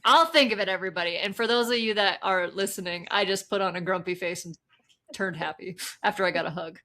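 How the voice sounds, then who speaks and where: Bright-voiced woman in casual podcast chat. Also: medium pitch, fast talker. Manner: animated, laughing, swears freely. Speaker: podcast co-host.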